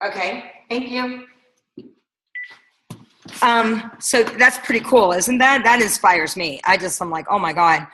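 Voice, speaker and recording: A woman's voice: a little high, slow, pauses often, a bit bright, breathy edge, low-quality recording. A woman coaching her team on a leadership call, talking casually and energetically, firing off rhetorical questions. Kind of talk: motivational coaching talk.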